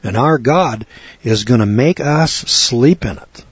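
Husky-voiced preacher, dry lo-fi sound. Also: male voice, expressive, slow, no room sound. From United States. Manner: preachy, sarcastic, swings from low asides to loud outbursts. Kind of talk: sermon. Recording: dry, dull lo-fi recording.

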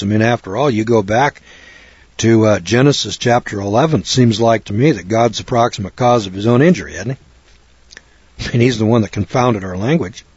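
A man's voice: on the low side, normal speed, slightly rough, no room sound, muffled recording. An older American man giving informal, rambling Bible teaching in a folksy manner with frequent restarts. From United States.

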